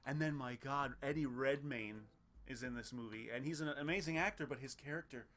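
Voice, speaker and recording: Bright-voiced man, casual film rant. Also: mid-range voice, brisk, a little hiss or hum. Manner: animated, swearing, mimics film characters. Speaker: podcast co-host, film reviewer. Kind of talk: casual chat.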